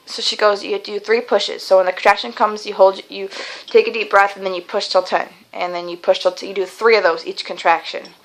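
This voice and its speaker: A woman's voice: medium pitch, fairly bright tone, low-quality recording. A young woman telling a long personal story in a casual vlog, chatty and rambling, with many fillers and restarts. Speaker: vlogger.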